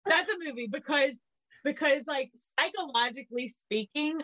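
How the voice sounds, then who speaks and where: Woman co-host, lively gossip talk, slightly high voice, dry studio sound. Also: normal speed, no room sound, low-quality recording. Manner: animated, swearing, acts out quotes in voices. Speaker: podcast co-host. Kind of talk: casual gossip chat.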